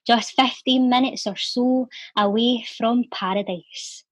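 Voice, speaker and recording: Here the same Glaswegian poet and charity volunteer, a young adult from Scotland, talks informally and recites verse in a lilting rhythm. She speaks slowly in a fairly high voice with fairly even intonation, with no room sound present.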